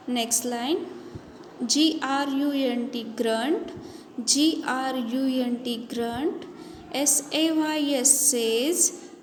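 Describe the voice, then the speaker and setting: A woman's voice: high voice, reverberant, long reverb tail, slight background noise. A woman with a Marathi accent teaching an English nursery poem, spelling each word out letter by letter. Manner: slow, spells words letter by letter. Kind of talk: reading and explaining a children's poem.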